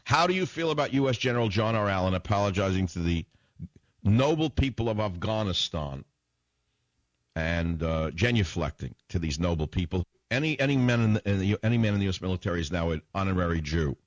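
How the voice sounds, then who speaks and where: A man's voice: sits low, lively intonation, quick pace, few pauses, dull audio. A man hosting a political talk radio show, delivering a combative, sarcastic monologue full of rhetorical questions into a studio microphone.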